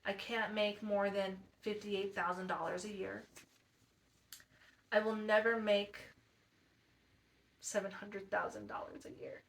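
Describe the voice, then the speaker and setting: A woman's voice: medium pitch, fairly even intonation. Young woman vlogger, introspective and earnest, talks to camera, thinks aloud, mid-range voice. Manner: soft-spoken and introspective, thinking aloud with pauses; addresses viewers directly and earnestly. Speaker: self-help vlogger. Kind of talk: reflective personal vlog.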